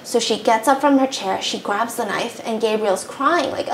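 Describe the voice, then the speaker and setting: A woman's voice: a little high, normal speed, few pauses. Chatty young woman retelling a story. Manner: animated, fillers like "like". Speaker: podcast host. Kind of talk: casual storytelling. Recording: roomy with faint background noise.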